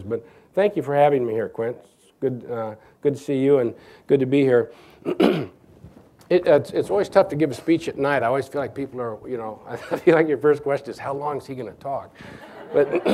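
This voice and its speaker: A middle-aged man from Nebraska speaks at an evening lecture in a voice of ordinary, middle pitch. He stops and restarts often and chuckles as he tells his stories. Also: darkish tone. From Nebraska, USA. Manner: halting, many restarts, chuckling anecdotes. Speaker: guest speaker.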